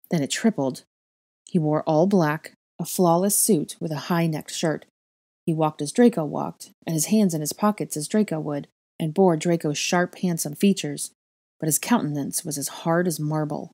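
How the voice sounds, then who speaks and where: A woman reading a story aloud in measured, unhurried first-person narration. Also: low-pitched, a little mellow, slightly rough, no room sound, clean studio sound. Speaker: fanfiction reader.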